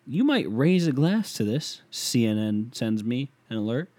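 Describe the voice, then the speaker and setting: A young man hosting a solo podcast, rambling casually, swearing often and mumbling asides in a deadpan way. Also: mid-range voice, unhurried, hardly any pauses, no echo. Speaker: podcast host.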